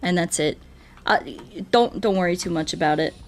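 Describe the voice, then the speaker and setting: A woman's voice: lowish voice, moderate pace, faint music behind. Goofy, playful woman streamer. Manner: goofy, playful, self-joking. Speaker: streamer and ASMR artist. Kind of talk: casual livestream chat with viewers.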